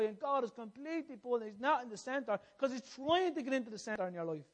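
A male preacher with a strikingly high voice delivers an impassioned sermon. He circles back over his phrases and asks his listeners questions as he presses his point. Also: lively intonation, fast talker, slight background noise.

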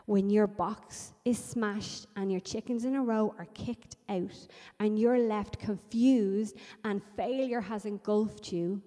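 A woman's voice: medium pitch, fairly even intonation, slow, few pauses, dark tone, big-room sound. A woman preaching a sermon in an emphatic, repetitive style that builds in intensity.

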